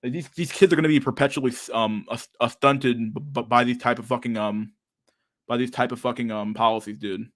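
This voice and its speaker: A man's voice: mid-range voice, steady tone, a little fast. Guy ranting on his podcast, swears nonstop, says dude a lot, laughs a lot. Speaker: podcast host. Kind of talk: casual ranting chat.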